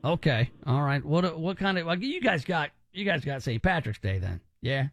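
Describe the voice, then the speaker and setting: A man's voice: a little high, animated, moderate pace. A man hosting a call-in radio show, rambling and teasing with lots of restarts. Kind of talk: joking call-in radio banter.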